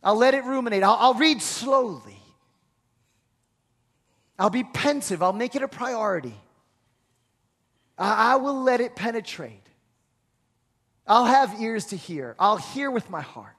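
A man preaching a sermon as pastor, emphatic and repetitive, sometimes dropping to a hushed prayerful voice. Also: extremely high pitch, expressive, measured pace, long pauses.

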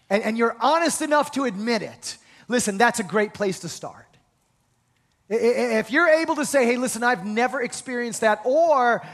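A male pastor preaching a sermon with energetic rhetorical questions and call-and-response with the congregation. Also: very high voice. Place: church hall. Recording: reverberant hall.

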